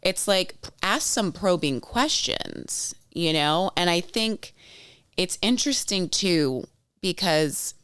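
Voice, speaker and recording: A woman's voice: on the low side, expressive, takes it slowly, fairly bright tone, clear, resonant tone, no room sound, clean studio sound. A woman in her thirties co-hosting a podcast, chatting casually and telling stories with quoted voices. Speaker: podcast co-host. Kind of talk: casual chat.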